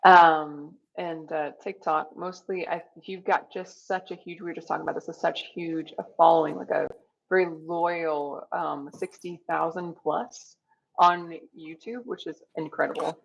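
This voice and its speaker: Gravelly, enthusiastic woman host on lo-fi call. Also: low-pitched, steady tone, unhurried, slight background noise. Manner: enthusiastic, gushing, many fillers. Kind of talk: casual interview chat. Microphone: video call. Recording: lo-fi video call audio.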